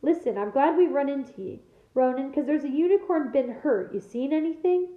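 Woman doing a gruff rough-spoken gamekeeper. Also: sits high, animated, a little fast. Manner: rough dialect, blunt. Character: big gruff male gamekeeper, blunt and protective. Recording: echoey room, tinny phone-like sound.

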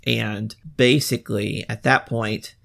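Podcast host guy, gravelly voice, laid-back plot recap. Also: medium pitch, takes it slowly. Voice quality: relaxed, recapping plots with fillers. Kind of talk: casual film-discussion podcast.

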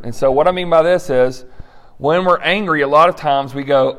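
A man's voice: a little high, a little fast. Earnest man leading a faith discussion. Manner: earnest, laughs often, acts out quoted prayers. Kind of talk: conversational teaching and prayer.

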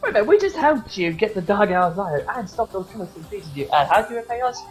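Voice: mid-range voice, very animated, fast talker, faint music behind, poor audio. Chatty podcast co-host reminiscing. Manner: chatty, reminiscing, quotes scenes. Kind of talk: casual chat about retro video games.

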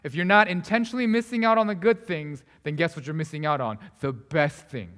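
A young man preaching a sermon as a pastor, telling the story in a casual, conversational way, acting out the people in it and dropping to hushed asides. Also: a little high, fairly quick. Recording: long hall reverb.

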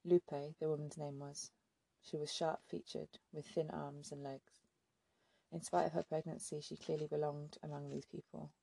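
A woman narrates an audiobook from a script in a steady, measured manner. Her low-pitched voice is gravelly, husky, and dark, following a flat, even line. The recording is dry and close, with no room sound.

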